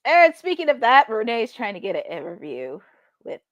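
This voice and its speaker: A chatty woman host talks excitably and laughs often. Her voice sits fairly high and swings widely in pitch. The sound is dry and close, with no room echo. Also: normal speed, highs cut off. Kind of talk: live wrestling watch-along commentary.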